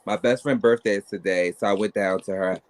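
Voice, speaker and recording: A man in casual podcast chat, boastful and animated as he tells stories. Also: fairly low pitch, a little fast.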